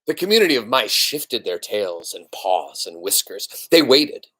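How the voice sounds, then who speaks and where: A man reads a children's book aloud with a wildly swinging, sing-song pitch. His telling is expressive and animated, rising and falling to build each scene. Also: a little slow. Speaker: reader.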